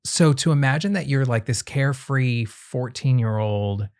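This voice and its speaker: A man's voice: mid-range voice, moderate pace, darkish tone, smooth. A man in his forties hosting a podcast, asking his husband heartfelt questions in an earnest, openly emotional way.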